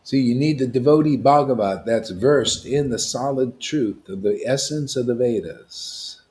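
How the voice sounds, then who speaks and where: A man preaching to a devotional gathering, emphatic and confrontational, with casual slang, swinging between loud declarations and hushed asides. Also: mid-range voice, unhurried. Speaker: spiritual teacher at a devotee gathering. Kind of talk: impassioned devotional sermon.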